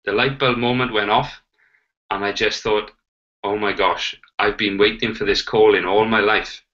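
A man in his forties, from Wales, telling his story in an interview. He speaks in a bright, forceful voice set a little low, acting out the dialogue he quotes and leaning on "you know." The sound is dull and lo-fi. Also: steady tone, moderate pace. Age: 40s. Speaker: guest, Paralympic cyclist. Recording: dull lo-fi audio.

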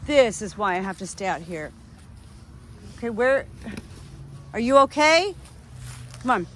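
A woman filming an outdoor farm vlog, shaken and breathless, who switches between sharply scolding her dogs and softly soothing her birds. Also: mid-range voice, expressive, moderate pace, a little hiss or hum. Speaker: farm vlogger.

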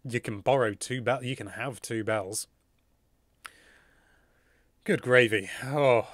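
A man hosting a casual game livestream, excitable and chatty, exclaiming as he goes. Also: medium pitch, takes it slowly, dry recording. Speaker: livestream host.

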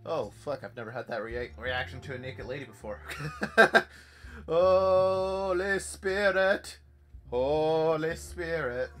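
Jumpy, foul-mouthed young man gaming. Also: medium pitch. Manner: swears often, jumps between hushed muttering and panicked yelps. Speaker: gaming YouTuber. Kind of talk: horror game playthrough commentary.

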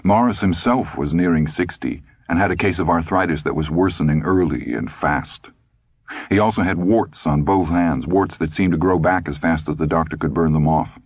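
Man, audiobook narration, extremely low voice, dry close recording, wry delivery. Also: normal speed, darkish tone, slightly rough, dry recording.

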